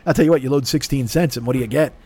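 Hoarse man in his fifties, solo podcast host, profane self-deprecating comic rambler. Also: medium pitch, very fast, darkish tone. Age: 50s. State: hoarse from yelling. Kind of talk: casual solo podcast monologue. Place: home room with air conditioner.

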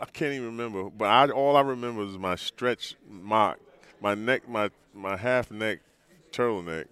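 A deep, low-pitched older man telling long stories as an interview guest. He talks in a relaxed, rambling way, restarting phrases often. He is a former pro athlete in his sixties. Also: clear, resonant tone. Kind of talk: storytelling in a podcast interview.

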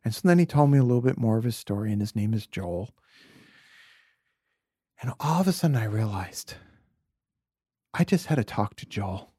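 A man from Brooklyn, a podcast guest, telling reflective personal stories in an earnest, heartfelt way, sometimes dropping to a soft near-whisper. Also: fairly low pitch, animated, normal speed, pauses often, slightly rough, no room sound, studio quality. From Brooklyn, USA. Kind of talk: earnest conversational storytelling.

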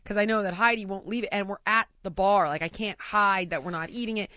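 Woman, storyteller, animated, laughs a lot, mimics others; mid pitch, dry and slightly muffled audio. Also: fast talker, no room sound. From United States. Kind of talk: casual anecdote. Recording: dry, slightly dull lo-fi recording.

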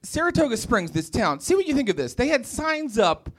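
Brisk and a bit bright, this very high-pitched male voice swings widely in pitch. He's a young West Virginian doing a comedy club set, telling wry tales with acted-out quotes.

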